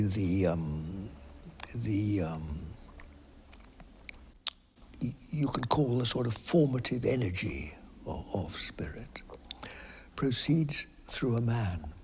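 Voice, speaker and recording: Gravelly low-voiced man, slow and hesitant. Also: slight background noise. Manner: slow and hesitant, trailing off into a breathy near-whisper; thoughtful, with many pauses and fillers. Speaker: interviewee. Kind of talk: reflective spoken interview.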